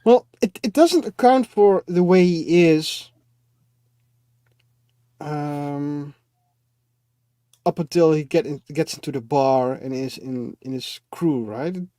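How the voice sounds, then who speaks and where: A man's voice: on the high side, lively intonation, takes it slowly, long pauses, dark tone, dry recording, studio quality. A man co-hosting a casual film chat, thoughtful and hesitant, laughing often. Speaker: co-host. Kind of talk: casual chat about films.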